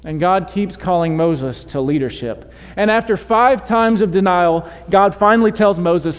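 Man preaching, high voice, animated storytelling, church hall reverb. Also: measured pace, few pauses. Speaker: pastor. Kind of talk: sermon. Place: church sanctuary.

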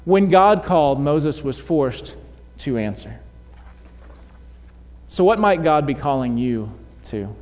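A young male pastor preaches with animated storytelling, slipping into voices for the quotes he tells. His voice sits high for a man, and the church carries a long reverb behind him. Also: slow pace, long pauses. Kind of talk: sermon. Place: church sanctuary.

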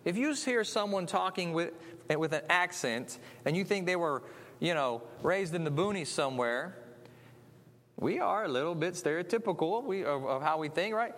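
Male preacher, fairly high voice, chatty sermon style, recorded with long reverb in a large sanctuary. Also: expressive, normal speed, fairly bright tone. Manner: chatty, with frequent tag questions and restarts. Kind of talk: conversational sermon.

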